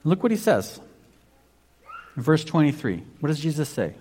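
A man's voice: a little high, sing-song, normal speed, pauses often, a little mellow. A man preaching a sermon in a conversational way, often restarting and saying "basically". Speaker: pastor.

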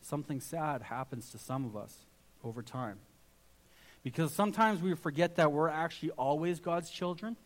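A man's voice: on the high side, moderate pace. A man preaching a sermon with earnest emphasis, now and then restarting his phrases as he builds his point. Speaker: pastor.

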